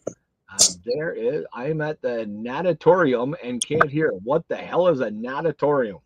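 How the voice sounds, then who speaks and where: A man's voice: mid-range voice, expressive, a little slow, highs cut off, noisy background. A middle-aged man with a Canadian accent hosting a casual card-breaking live stream, blunt and grumbling. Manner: blunt, grumbles about the weather.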